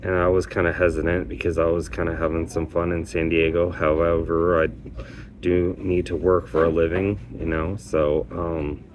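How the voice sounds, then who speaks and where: Deep-voiced man telling a rambling story. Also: little pitch movement, a little hiss or hum. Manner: rambling, halting delivery with frequent restarts. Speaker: petition worker. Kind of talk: casual spoken storytelling.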